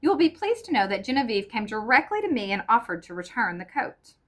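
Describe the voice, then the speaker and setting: A woman reading the part of a cold, sarcastic middle-aged husband who speaks deliberately and with mockery. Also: on the high side, big pitch swings, pitched above the performer's own voice. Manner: irritable, mocking, deliberate.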